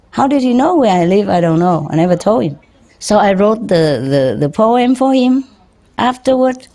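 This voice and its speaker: A woman, a spiritual teacher telling a personal story to an audience, halting and informal, often laughing softly. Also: medium pitch. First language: Vietnamese.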